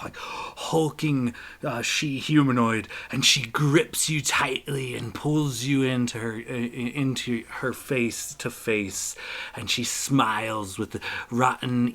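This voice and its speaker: A man runs a tabletop game as game master, describing the fight in a slow, unhurried way. He halts often and fills the gaps with fillers. His voice sits at a middle pitch. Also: vocal fry, fairly bright tone. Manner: halting, many fillers.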